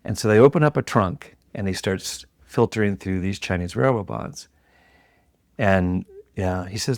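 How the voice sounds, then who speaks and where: A middle-aged man with a low, gravelly voice tells a story in a podcast interview. He is animated and slips into the voices of the people he quotes. The recording is close and dry. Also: moderate pace, no room sound. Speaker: guest.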